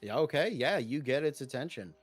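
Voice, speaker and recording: A man's voice: medium pitch, animated, fairly quick, breathy edge, soft background music. A man running a tabletop game as game master, giving matter-of-fact rulings and vivid narration.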